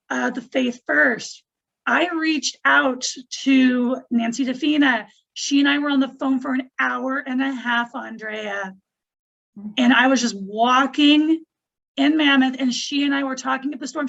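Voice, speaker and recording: Gravelly high-voiced woman, heartfelt. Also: a bit bright, highs cut off. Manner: heartfelt, near tears. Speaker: team member. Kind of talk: emotional tribute on a call.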